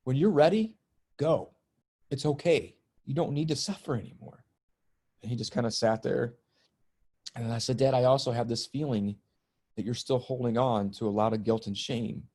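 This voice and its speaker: A man's voice: medium pitch, moderate pace, long pauses, dark tone. A middle-aged man, a spiritual teacher and healer, telling a personal story as a guest on a podcast interview, earnest and emotional, easing tension with jokes.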